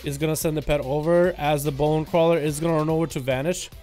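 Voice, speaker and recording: A young man casting a video game duel as rapid play-by-play commentary, excitable and hype. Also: a little high, faint music behind. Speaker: game caster.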